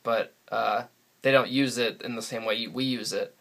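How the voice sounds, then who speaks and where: A New England, USA vlogger with a bright voice talks at medium pitch and a moderate pace, with fairly even intonation and some vocal fry. He sits alone before a camera, picked up by its mic, rambling and laughing often in a casual solo vlog.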